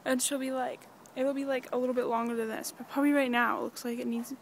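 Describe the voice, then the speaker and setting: A teenage girl chatting casually in a rambling, giggly daily vlog, talking softly while walking outdoors in a quiet neighborhood. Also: sits high, flat delivery, quick pace, a little hiss or hum. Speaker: vlogger.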